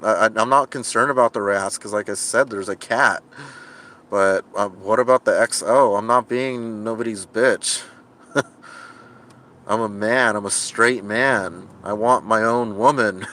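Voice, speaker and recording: A man's voice: on the low side, fairly bright tone. A man live-streaming from inside his car, reading viewer comments and rambling with frustration, often restarting his sentences and laughing at himself. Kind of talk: casual livestream chat.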